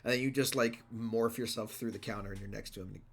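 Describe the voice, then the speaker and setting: A man running a tabletop game as game master, relaxed and joking as he narrates and rules. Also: on the low side, fast.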